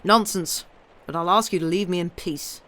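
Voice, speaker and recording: A woman's voice: fairly low pitch, normal speed, a bit bright, close to an everyday voice. A woman voicing a capricious, imperious old male official with a lisp. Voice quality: lisping.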